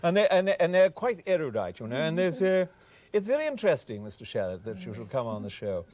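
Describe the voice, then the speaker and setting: A man's voice: a little high, sing-song, fast talker, darkish tone, voice pushed up. A man doing a plummy upper-class Englishman. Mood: airy. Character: posh upper-class Oxford-educated Englishman.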